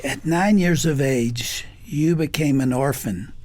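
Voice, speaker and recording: An older man hosting a radio interview, asking questions slowly and deliberately in a studio. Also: a little high, a little mellow. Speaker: host.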